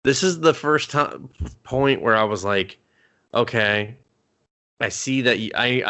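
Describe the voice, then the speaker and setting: A man co-hosting a casual movie recap podcast, swearing freely and acting out characters in quick jokey bits. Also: on the low side, a bit bright. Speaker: podcast co-host.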